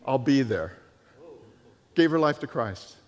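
A man preaching a sermon and telling stories, animated and full of restarts and repeated words. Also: mid-range voice, takes it slowly. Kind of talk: sermon with storytelling. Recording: long hall reverb.

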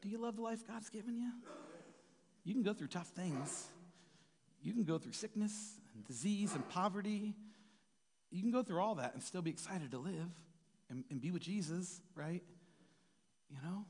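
A man's voice: high-pitched, expressive, moderate pace, pauses often, a little hiss or hum. A man giving an informal, rambling sermon in a conversational way, often asking "right?". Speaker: preacher. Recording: reverberant hall with soft music.

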